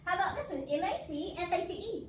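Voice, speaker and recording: Casting: patient woman tutor, high and lively voice, recorded far off in an echoey room. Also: fast. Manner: patient, coaxing, drills with call-and-response. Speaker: math teacher. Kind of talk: casual home math lesson. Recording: echoey room from far off, faint background noise.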